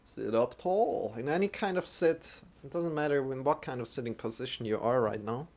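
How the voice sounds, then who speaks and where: A man guiding a yoga and mantra lesson, giving calm, unhurried instructions with some light joking. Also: medium pitch. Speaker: yoga teacher.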